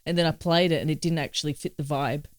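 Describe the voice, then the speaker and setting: A woman's voice: sits low, steady tone, quick pace, dry recording, studio quality. A woman co-hosting a music podcast, chatting in an upbeat way with frequent fillers. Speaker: podcast co-host, violinist and flutist. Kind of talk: casual conversation about music.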